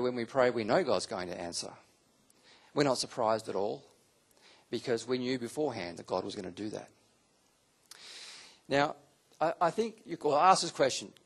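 A man teaching a Bible school class to a live audience, animated and acting out quotes with sudden leaps in pitch. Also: breathy edge. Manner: animated, acts out quotes with big pitch jumps. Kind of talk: teaching sermon.

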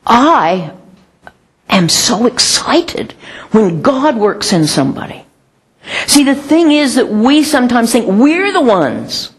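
A woman preaching a sermon and praying, in a chatty, animated way with asides. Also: on the high side, unhurried, husky.

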